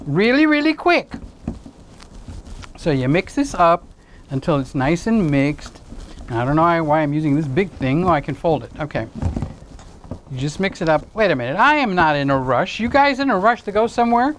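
Male home-cook host, chatty and jokey, voice leaping up and down in pitch. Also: normal speed, a little hiss or hum, low-quality recording. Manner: playful, chatty, joking asides to viewers; swoops into high excited exclamations. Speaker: home cooking channel host. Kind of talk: casual cooking demonstration to camera.

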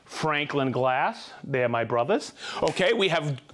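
A man's voice: fairly high pitch, lively intonation, takes it slowly, a bit bright. A man hosting a live stream, cheerfully reading out viewers' names and hometowns, joking and stumbling over hard names. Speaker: host of a live tool stream. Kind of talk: reading out viewer shout-outs.

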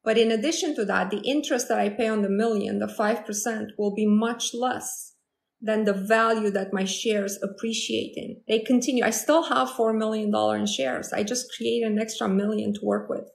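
Chatty confident woman coaching on a live, some vocal fry, echoey room. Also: mid-range voice, fairly even intonation, moderate pace. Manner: confident, chatty, acts out quoted lines. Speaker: manifestation coach hosting a live stream. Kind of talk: casual live-stream talk to viewers.

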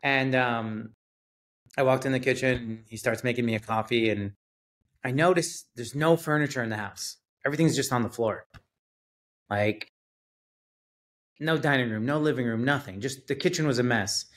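A man guest on a podcast, telling a story in a casual, animated way, swearing and acting out what people said. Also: mid-range voice, normal speed, pauses often. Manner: animated storyteller, acts out quotes, swears, laughs. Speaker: realtor guest.

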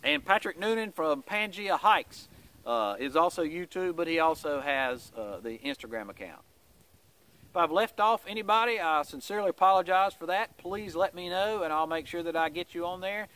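A man's voice: high-pitched, normal speed, pushed and bright. A man giving a casual weekly vlog update in a folksy, rambling way, with many "uh" fillers.

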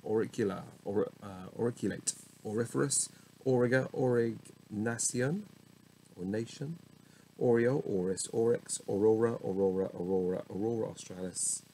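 A man reads dictionary entries aloud one after another by himself, muttering and correcting himself with wry asides. His voice is fairly low and warm at a moderate pace, and the poor audio carries slight background noise.

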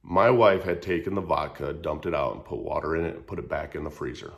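A man's voice: extremely low pitch, a little fast, vocal fry. A man in his thirties telling a raw personal story in a casual, earnest way, swearing freely and repeating phrases. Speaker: vlogger sharing his story.

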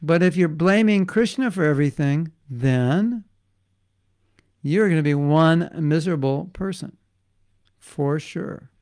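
A man's voice: a little high, takes it slowly, a little mellow. A middle-aged man, a spiritual teacher, giving a devotional class in a casual, joking, conversational way.

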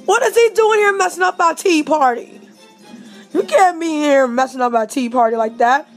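A woman hosting a casual let's-play, excitedly reacting out loud to the game as she plays. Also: sits high, normal speed, soft background music. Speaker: gaming channel host.

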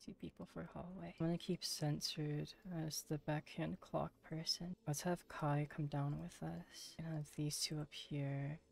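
A man's voice: fairly high pitch, little pitch movement, unhurried, vocal fry, few pauses. A man commentating his own gameplay, tense and shaky, swearing often and repeating himself in frantic bursts. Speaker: gaming streamer.

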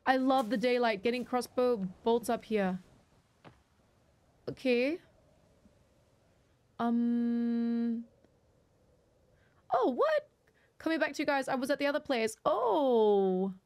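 A woman's voice: a little high, slow, long pauses, clean tone. Chatty woman streaming a survival game. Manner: chatty, talks to viewers, jumpy loud reactions. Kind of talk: live co-op gameplay chat.

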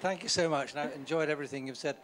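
Older man, audience member, courteous questioner, slightly raised pitch. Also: racing, a bit bright, some chatter behind, a little hiss or hum.

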